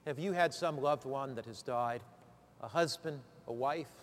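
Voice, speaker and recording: A man's voice: mid-range voice, measured pace, in a large hall, a little hiss or hum. A man teaching lay preachers in an emphatic sermon style, drawing answers from his listeners. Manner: emphatic, calls for answers from the room.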